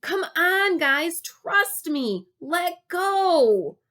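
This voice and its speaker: A woman's voice: extremely high pitch, sing-song, extremely slow, pitched above the performer's own voice, exaggerated voice. A woman voicing Dale, a boy calling out from the water and coaxing his friends to trust him. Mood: urgent coaxing. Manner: coaxing, shouting.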